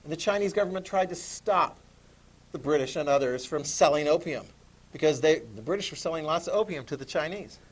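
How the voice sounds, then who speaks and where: A man in middle age lectures a class on history in a slightly high voice. He is animated, keeps throwing questions at his students, and slips into quick voices for the people he talks about. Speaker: history teacher.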